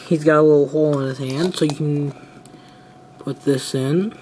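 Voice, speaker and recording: A man's voice: fairly high pitch, steady tone, moderate pace, darkish tone, slight background noise. A teenage boy casually reviewing toys, rambling and trailing off as he talks. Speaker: toy reviewer.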